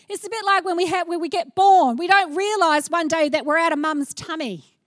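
A middle-aged woman preaching a sermon, animated and playful, acting out little scenes as she goes. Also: very high-pitched, dry recording, studio quality.

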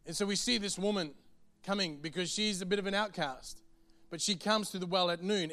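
High-voiced preacher. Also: male voice, pushed and bright. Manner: earnest, conversational, quick to the point. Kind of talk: sermon.

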